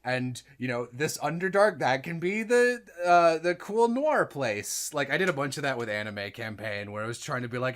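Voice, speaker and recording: A man's voice: mid-range voice, animated, moderate pace, hardly any pauses, a bit bright. A man co-hosting a casual writing podcast, loose and swearing freely as he chats. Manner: loose, swears freely, laughs into put-on voices. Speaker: podcast co-host. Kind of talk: casual chat.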